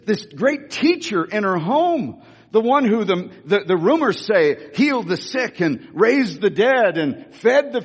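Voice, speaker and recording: High-voiced preacher in a reverberant hall. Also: male voice, husky. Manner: animated storytelling with many restarts. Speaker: pastor. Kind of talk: sermon.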